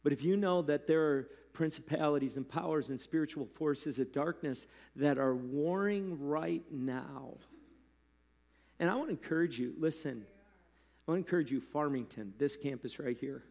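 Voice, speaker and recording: A man preaching a sermon as pastor, talking to the congregation in a loose, animated way with asides. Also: on the high side, moderate pace, gravelly. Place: church hall. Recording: long hall reverb.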